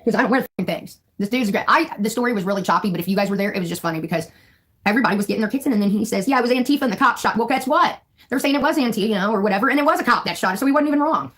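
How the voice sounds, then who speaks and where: A woman's voice: fairly high pitch, rapid-fire, fairly bright tone, rough recording. A woman hosting a casual live stream, telling rambling, profane stories and laughing often.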